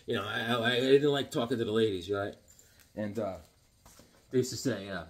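A man's voice: on the low side, normal speed. A man chatting casually and joking as he leafs through comics, rambling into silly asides. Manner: rambling, joking, slips into silly voices and songs. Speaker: comic collector host. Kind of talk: casual comedic chat.

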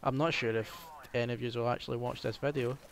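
A man's voice: mid-range voice, fairly even intonation, fast, slight background noise. A young man with a Scottish accent giving casual, rambling gameplay commentary, full of ums and hesitations. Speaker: gaming commentator.

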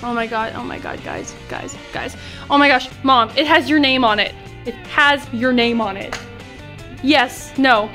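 A woman vlogging in casual chat from a hotel room, excitable and gushing, repeating her exclamations. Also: fairly high pitch, measured pace. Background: background music.

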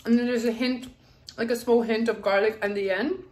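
Young woman doing a cooking vlog in her kitchen, kinda high voice, chatty and bubbly. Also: fairly quick. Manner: chatty and excitable, laughs often, talks with mouth full. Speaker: cooking vlogger. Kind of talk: casual cooking demonstration. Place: home kitchen.

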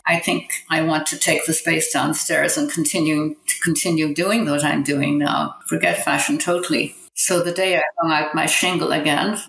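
A woman's voice: low-pitched, creaky, a bit bright, reverberant, low-quality recording. An older Irish woman from Ireland, a designer guest telling rambling anecdotes with restarts and laughs. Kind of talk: casual interview storytelling.

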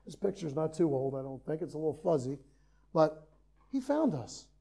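High-voiced, mellow preacher at the pulpit. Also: male voice, sing-song, moderate pace, creaky, breathy edge. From Ireland. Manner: rises to loud emphatic peaks, then drops to quiet earnest asides. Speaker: pastor. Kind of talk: sermon. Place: church sanctuary, preaching from the pulpit.

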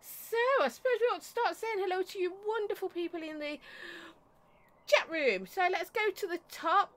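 A woman with a high voice hosts a casual live stream from her desk at home. She chats warmly with her viewers and greets each one by name. Now and then she stops to cough or clear her throat. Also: lively intonation, moderate pace. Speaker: vape reviewer and livestream host.

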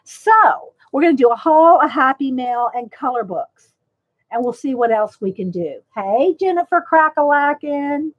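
A woman's voice: sits high, expressive, moderate pace. A woman hosting a casual livestream, rambling along and greeting viewers by name. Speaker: livestream host. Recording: slightly dull lo-fi sound.

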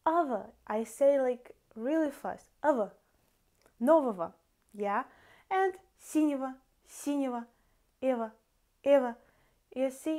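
A woman with a Russian accent teaching a language lesson, calling her viewers "dear friends" and sounding out word endings slowly and carefully. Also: sits high, warm tone.

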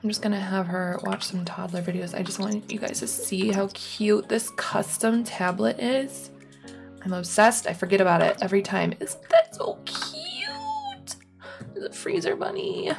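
A woman's voice: medium pitch, fairly even intonation, normal speed, gravelly, over music. A young woman giving rambling, casual commentary on her own gameplay, full of ums and likes. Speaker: gaming YouTuber.

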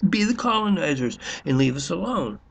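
A man's voice: high voice, big pitch swings, measured pace, vocal fry, slight background noise. A man rambling through a sarcastic monologue, full of restarts and fillers. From United States. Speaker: vlogger.

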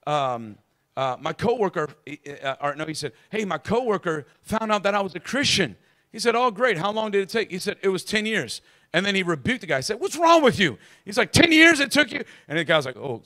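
A man pastor preaching a fervent sermon to his congregation, stammering repeats and calling for the crowd to shout back. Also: fairly high pitch. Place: church.

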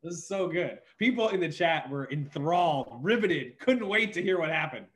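A man's voice: a little high, lively intonation, moderate pace. A man hosting a podcast in casual chat, enthusiastic and playful, swearing now and then. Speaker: podcast host.

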